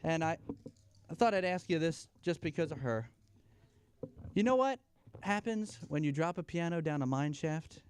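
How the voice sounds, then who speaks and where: Man, joke teller at a church family night, playful, self-deprecating, smooth clear voice, slightly high. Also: animated, normal speed, a little mellow. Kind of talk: stand-up style corny jokes. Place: church fellowship event, live.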